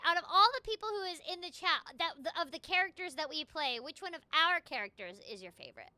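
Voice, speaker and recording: A woman's voice: extremely high pitch, lively intonation, fast, pushed and bright, no echo. A woman hosting a casual stream chat, playful and enthusiastic. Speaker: streamer host.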